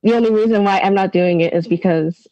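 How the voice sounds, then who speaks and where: A woman's voice: mid-range voice, fast, lo-fi sound, crowd noise. A young woman from Canada with a Canadian accent, a podcast guest who chats casually and keeps breaking into giggles. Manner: giggly, laughs through her answers.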